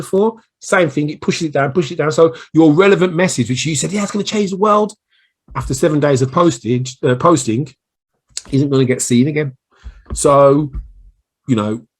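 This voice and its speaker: Man, Brummie accent, husky, chatty, rambling, casual solo video training. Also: mid-range voice. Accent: Birmingham English (Brummie). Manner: chatty, rambling, self-deprecating asides. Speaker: small business marketing coach. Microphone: recording himself on camera.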